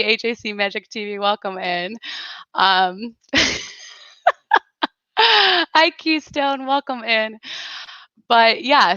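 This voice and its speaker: A woman's voice: lowish voice, sharp tone, smooth, dry recording, muffled recording. Giggly, chatty woman livestreaming. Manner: chatty, giggly, rambling with many fillers. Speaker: livestream host. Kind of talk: casual livestream chat.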